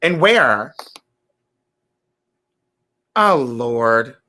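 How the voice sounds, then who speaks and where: Bright, lively woman livestream host. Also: a bass voice, drawn-out words. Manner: lively, animated, reads viewer comments aloud. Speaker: talk show host. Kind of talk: livestream interview chat.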